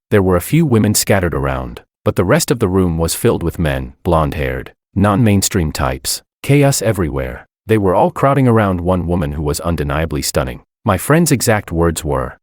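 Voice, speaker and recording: A man narrating a dramatic first-person romance story in an expressive storytelling manner. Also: low-pitched, no echo, studio quality.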